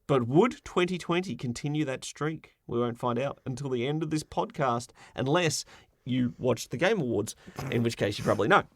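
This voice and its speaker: A man co-hosting a casual gaming podcast, playful and quick with a joke. His voice sits at an ordinary middle pitch. The recording is dry and close, with no room sound. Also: expressive, no echo. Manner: playful, jokey, runs through lists quickly. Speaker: podcast co-host.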